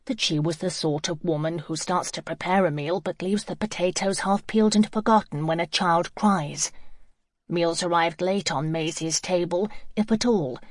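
A woman narrating an audiobook in a calm, even storytelling manner, recorded on a close studio mic. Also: on the low side, no room sound. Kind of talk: scripted narration.

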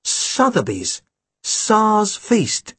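Brief: a reader acting a bumbling grown man sleuth, puzzled and questioning, husky and dry. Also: medium pitch, wildly swooping pitch, a little slow, dry recording, pitched above the performer's own voice, full character voice.

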